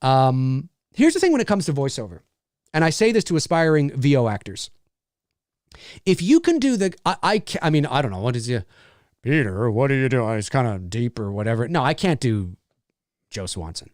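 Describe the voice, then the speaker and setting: Male livestream host, animated and rambling, lively pitch, close and dry. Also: normal speed, no room sound. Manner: animated, rambling, with many restarts and fillers. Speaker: host and voice actor. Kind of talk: casual livestream chat.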